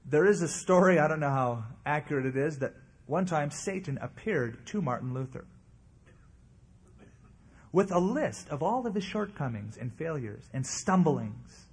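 A man's voice: fairly high pitch, expressive, normal speed, husky. A man preaching a sermon as pastor, earnest and emphatic, his emphasis swinging up and down.

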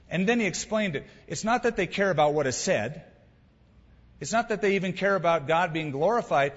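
Male pastor, fairly high husky voice, emphatic conversational sermon, dull hall recording. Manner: emphatic, conversational preaching with asides.

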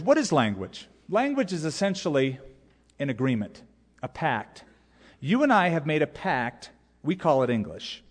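A man, a pastor, preaching a sermon with emphatic, repeated key phrases. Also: on the high side. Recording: long hall reverb.

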